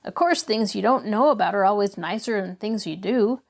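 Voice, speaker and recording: A woman's voice: mid-range voice, moderate pace, gravelly. A woman reading a storybook aloud, voicing a proud, plainspoken orphan boy with a folksy drawl. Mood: earnest.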